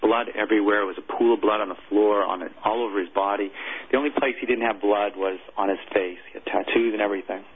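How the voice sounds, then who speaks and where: A former military chaplain, a man, telling a personal story in an interview, earnest and halting. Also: on the low side, steady tone, slightly rough. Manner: earnest, halting, emotional recounting. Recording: tinny phone-like audio.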